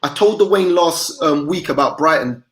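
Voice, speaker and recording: A man's voice: fairly high pitch, animated, normal speed, a bit bright. Teasing man hosting a football chat. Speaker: podcast host reading comments. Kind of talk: casual banter.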